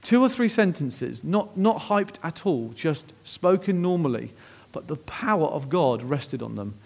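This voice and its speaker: Male pastor in the pulpit; slightly higher voice, quiet and slow in the tender parts, bursts high and loud in the excited parts. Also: gravelly. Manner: animated, acts out quoted voices with big pitch jumps; drops to hushed, slow tones at emotional moments. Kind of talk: sermon storytelling.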